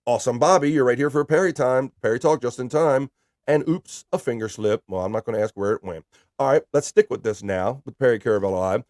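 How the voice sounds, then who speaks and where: Guy running a chill livestream, reads the chat out loud, cusses a lot, mid pitch, super dry sound. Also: fast, dry recording. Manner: loose and profane, shouting out chatters by name. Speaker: livestream host. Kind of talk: casual livestream chat, reading viewer comments aloud.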